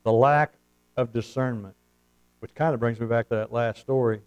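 A man's voice: mid-range voice, fairly even intonation, moderate pace, darkish tone, clean tone, highs cut off. A man preaching a sermon, telling folksy stories and calling out for amens. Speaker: pastor.

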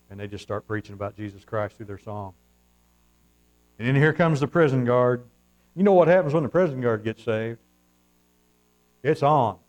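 Man, preacher, sermon, mid-pitched voice, conversational storytelling. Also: dull audio. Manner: retells scripture with acted-out quotes, calls "amen?".

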